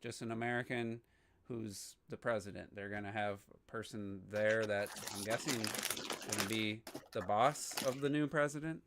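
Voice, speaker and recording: A man's voice: lowish voice, steady tone, normal speed, very noisy. Hesitant, rambling man, podcast chat. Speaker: podcast co-host. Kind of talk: casual gaming podcast chat.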